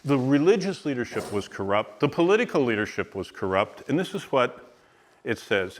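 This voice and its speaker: A man teaching the Bible to a live audience, his voice at a middle pitch. He talks in an animated way, leans hard on single words and stops to ask the room questions. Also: normal speed. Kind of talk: teaching sermon.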